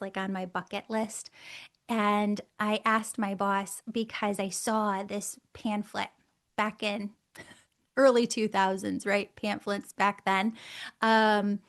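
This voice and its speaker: A middle-aged woman, a guest on the show, telling a personal story in a lively way, laughing often and acting out the voices she quotes. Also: mid-range voice. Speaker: guest, angel communicator.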